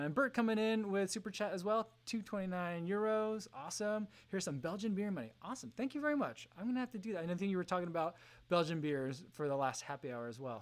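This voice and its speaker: Relaxed man chatting on a livestream. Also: a little high. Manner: relaxed, reads chat aloud, frequent ums and soft laughs. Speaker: livestream host. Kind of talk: casual livestream chat.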